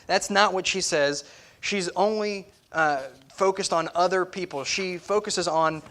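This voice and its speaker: A man preaching a conversational sermon as pastor, asking the congregation to follow along and acting out quoted speech with a rising, louder voice. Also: normal speed. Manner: acts out quoted speech with rising pitch and volume. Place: church sanctuary.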